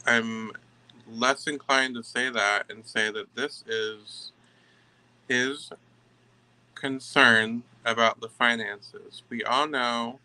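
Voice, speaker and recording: A man giving a tarot reading to camera, emphatic and halting, often stopping to restart his sentences. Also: medium pitch, bright, forceful tone, poor audio. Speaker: tarot reader.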